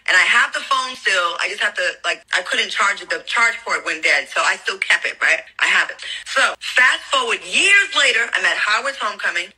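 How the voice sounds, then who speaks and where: A woman racing through a candid story in an interview, her voice very bright and cutting. She swears freely and acts out every quoted line with a husky edge. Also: mid-range voice, low-quality recording. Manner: animated, profane, acts out quoted dialogue. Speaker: interview guest.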